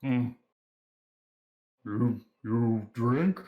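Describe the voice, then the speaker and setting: A man with an Australian accent voicing a huge, gentle troll-blooded man who stammers in few words. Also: medium pitch, drawn-out words, phone-quality sound. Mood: timid.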